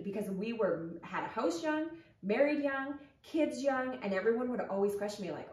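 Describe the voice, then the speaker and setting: A woman in her forties co-hosting a podcast in casual chat, animated and quick to laugh. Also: medium pitch, roomy sound, recorded from a distance. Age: 40s. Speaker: podcast co-host.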